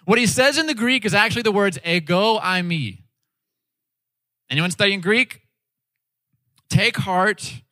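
Man, sermon, animated storytelling, slightly high pitch, dry sound. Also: a little slow, pauses often, no room sound. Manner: animated storytelling, acting out quoted voices; casual, with frequent "like" and "all right". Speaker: pastor.

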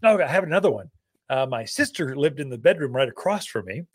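A man's voice: mid-range voice, big pitch swings, fast, no echo, clean studio sound. A man from Arizona hosting a gardening radio show, telling stories in a folksy, casual way with many loose asides.

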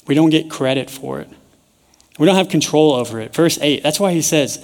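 A young man preaching a sermon in a casual, joking storytelling way with lively asides. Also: fairly high pitch, brisk. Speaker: pastor teaching a sermon series. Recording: echoey church hall.

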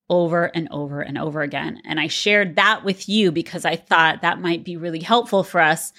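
A woman's voice: on the low side, a bit bright. A middle-aged woman co-hosting a podcast, talking in a reflective, earnest way. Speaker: podcast co-host. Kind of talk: casual podcast conversation.

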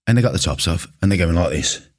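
The gym coach and podcast host, a middle-aged man, has a low-pitched voice with lively intonation and a quick pace. He rants to camera in a casual, blunt, indignant and sweary way, captured by a camera mic up close.

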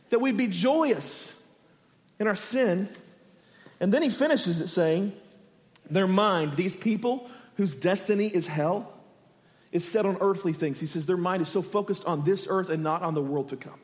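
A man's voice: high-pitched, normal speed. A male pastor preaching a sermon, earnest and rising to impassioned pleading. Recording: long hall reverb.

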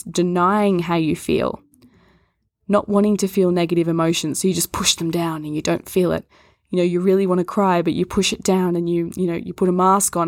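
Woman, yoga and Reiki teacher, earnest, coaxing, lowish voice, dry close sound. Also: a little mellow, dry recording. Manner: earnest, coaxing, speaks straight to the listener. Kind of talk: podcast talk on chakras.

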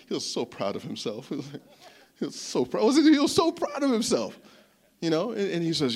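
A man delivers a sermon like a long, rambling story. His voice sits a little high, and he talks in a lively, chatty way, doubling back on his words as he goes. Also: fairly quick. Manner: animated, chatty, repeats words. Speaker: pastor.

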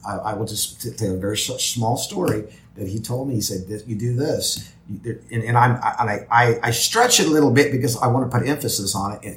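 A man's voice: on the low side, roomy sound, slight background noise. A man talking as a podcast guest in casual interview chat, rambling with many restarts and repeated words.

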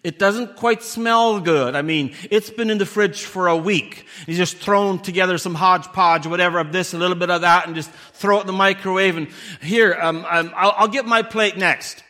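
A man's voice: high-pitched, fairly even intonation, brisk, few pauses, sharp tone. A man, a pastor, preaching a sermon in a conversational way, asking the congregation questions and acting out little scenes. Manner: conversational preaching with rhetorical questions and acted-out dialogue. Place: church. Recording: church hall with long reverb.

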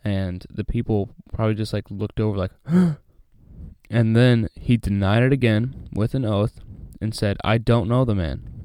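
A man reading a Bible passage aloud and then talking it over in a relaxed, chatty way with many fillers. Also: lowish voice, clean tone, no echo, clean studio sound. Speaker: Bible study host. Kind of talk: casual Bible reading and commentary.

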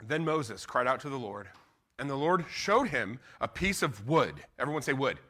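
A middle-aged man, preaching a sermon in an animated, conversational way and acting out what people say. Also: medium pitch, moderate pace. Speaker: pastor.

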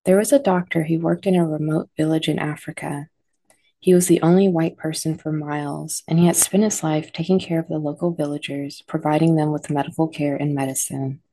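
A woman narrating scripted horror stories in a low, mellow voice. Her telling is measured and dramatic. The recording is close and dry. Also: fairly even intonation, dry recording.

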